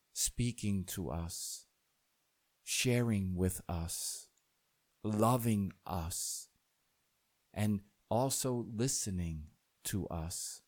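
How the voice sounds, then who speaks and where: Slow, low-voiced preaching priest. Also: male voice, darkish tone. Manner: slow, deliberate preaching with dramatic rises in a told parable. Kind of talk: sermon.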